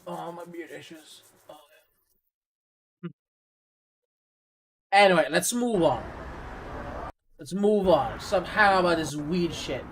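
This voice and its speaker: A man's voice: sits high, unhurried, long pauses, a bit bright. A man streaming live, reacting to a video with profane, sarcastic, rambling commentary.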